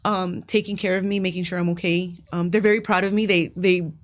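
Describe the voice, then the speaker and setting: A woman guest in a casual interview, telling a personal story quickly and animatedly, sometimes acting out what people said. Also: on the low side. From Miami, United States. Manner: fast, animated storytelling with acted quotes. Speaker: interview guest, cancer patient.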